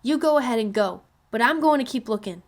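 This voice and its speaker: A woman voicing a stubborn, grieving girl of about ten in a read-aloud storybook, pitched high and pleading. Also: lively intonation, a little fast. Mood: defiant.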